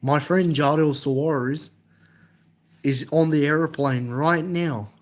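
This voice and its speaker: A young Australian man with an Australian accent, chatting casually on a live stream and answering viewers' comments in a halting, repetitive way. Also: on the high side, steady tone.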